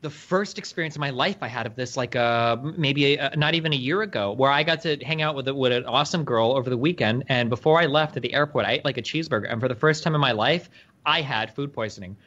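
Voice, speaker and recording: Fast-talking podcast guy swearing through his stories, dull lo-fi audio. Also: mid-range voice. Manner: fast, profane storytelling with animated outbursts. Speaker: podcast co-host. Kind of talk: casual podcast chat.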